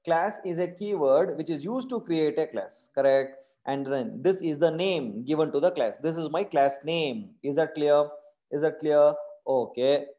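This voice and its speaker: A man's voice: a little high, unhurried, dark tone. A man with an Indian English accent teaching a live online programming class, who keeps quizzing his students with repeated questions and tag questions. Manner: calls his class "my dear friends".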